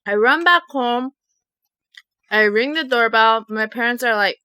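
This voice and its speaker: Chatty young woman vlogger, bright clear voice, kinda high, dry close sound. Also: unhurried, no echo. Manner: chatty, animated, many "like" fillers. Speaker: mukbang vlogger. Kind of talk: casual storytelling to viewers.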